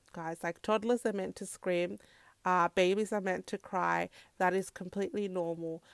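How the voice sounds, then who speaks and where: A woman's voice: fairly low pitch, clear, resonant tone, dry recording. A woman in her thirties from Africa, talking earnestly to camera about being a parent and often addressing her viewers as "guys.". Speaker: parenting vlogger. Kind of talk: casual talk to camera.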